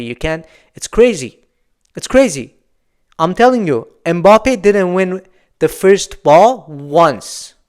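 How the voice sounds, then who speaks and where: A young man delivers a solo football reaction rant, emphatic and repetitive as he vents his frustration. His voice sits a bit high and comes through smooth and clear. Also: a little mellow. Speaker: football channel host.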